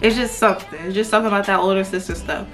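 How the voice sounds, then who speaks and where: A woman's voice: mid-range voice, fairly even intonation, very fast, a bit bright, faint music behind. A woman, chatting casually and rambling with lots of fillers while she does her makeup. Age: 20s. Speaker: beauty vlogger.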